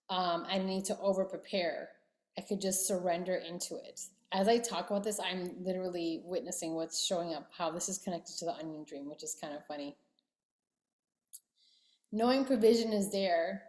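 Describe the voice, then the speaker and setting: A woman's voice: medium pitch, darkish tone. Reflective woman, roomy sound. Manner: candid, musing, emotional. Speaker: podcast host. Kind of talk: reflective personal podcast talk.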